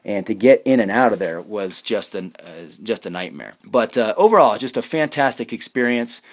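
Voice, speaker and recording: A man's voice: fairly low pitch, animated, moderate pace. A middle-aged man hosting a sports talk show, telling a trip story in a loose, rambling way with many restarts. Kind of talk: casual radio talk with live read ad.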